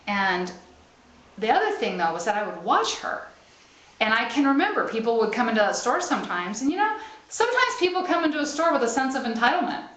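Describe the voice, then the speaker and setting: A woman's voice: high-pitched, a bit bright. Chatty woman preaching in a roomy space. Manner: conversational, laughing, frequent "right?" and "okay?". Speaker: spiritual speaker. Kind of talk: live sermon to a small group. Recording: roomy live stream recording.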